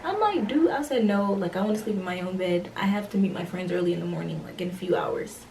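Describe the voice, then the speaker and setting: A young woman vlogger telling a storytime tale casually, acting out the dialogue with slangy, animated delivery. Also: mid-range voice, fast talker, vocal fry, far from the mic, a little hiss or hum, rough recording.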